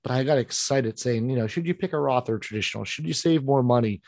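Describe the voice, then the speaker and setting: A man's voice: medium pitch, quick pace, creaky, a little mellow, no echo. A man with a Pittsburgh accent talks as a guest in an interview, earnest and a bit rambling, often restarting his sentences. His voice sits in an average range and sounds dry and close, with no room around it. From Pittsburgh, Western Pennsylvania. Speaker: financial planner, guest. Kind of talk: interview conversation.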